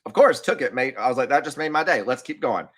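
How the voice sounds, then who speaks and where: A man chatting casually as a podcast guest, telling stories with lots of fillers, restarts and animated asides. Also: medium pitch, fast talker. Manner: rambling, animated storytelling with many fillers and restarts. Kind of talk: casual chat.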